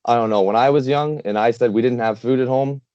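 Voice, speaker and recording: A man's voice: mid-range voice, fast, a little mellow, clean tone, dry recording. A man from Canada, a guest talking earnestly and rambling with many fillers in a casual interview. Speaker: guest, charity founder. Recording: dull lo-fi dry sound.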